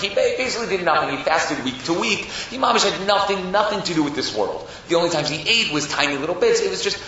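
Young man, lively Torah storytelling, bright forceful voice, very echoey room. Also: slight background noise. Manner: animated storyteller, acts out family members in loud high voices. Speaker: Torah speaker. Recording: echoey room from far off, dull and lo-fi.

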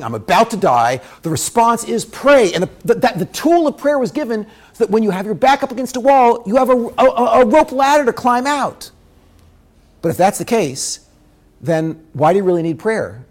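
A man teaching a Torah lesson through a dramatic story, swinging between loud bursts and hushed asides. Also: high voice.

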